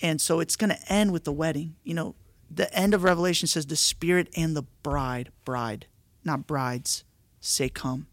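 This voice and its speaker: A male pastor telling stories in a casual, animated podcast chat, restarting often and saying dude and bro. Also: on the high side, normal speed, dry recording.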